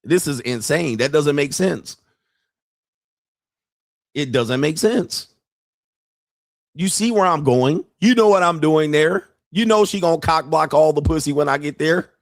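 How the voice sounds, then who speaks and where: A man hosting a podcast, telling a story in a profane, animated way with frequent laughter. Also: fairly high pitch, normal speed, no room sound, studio quality. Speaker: podcast host. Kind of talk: casual monologue.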